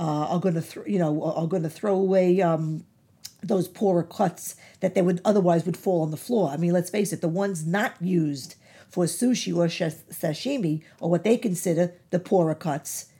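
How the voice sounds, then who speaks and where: A woman's voice: fairly low pitch, mellow, slightly rough. A woman giving informal nutrition advice, emphatic, repeating key words and using many fillers. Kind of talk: informal health talk.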